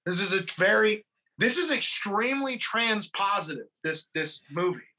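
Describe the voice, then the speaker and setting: A podcast host retelling a movie scene by scene in a casual, swearing, animated way. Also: mid-range voice, normal speed. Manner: profane, animated storytelling.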